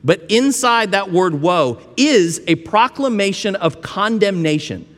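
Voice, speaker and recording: Pastor preaching in a reverberant church. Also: male voice, high-pitched, expressive, measured pace. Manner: conversational preaching with folksy asides and frequent restarts. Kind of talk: sermon. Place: church sanctuary. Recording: long reverb of a church hall.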